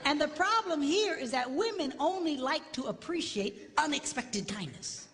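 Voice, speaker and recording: At normal speed and with an extremely high pitch, a middle-aged marriage seminar speaker gives a humorous talk on marriage. Stories come alive through his mock voices, jokes and punchlines, recorded in a hall with long reverb and faint noise.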